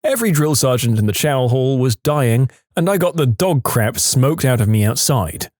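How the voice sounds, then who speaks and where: A man narrating reader-submitted stories in a lively scripted storytelling manner. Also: medium pitch, normal speed, no echo, clean studio sound.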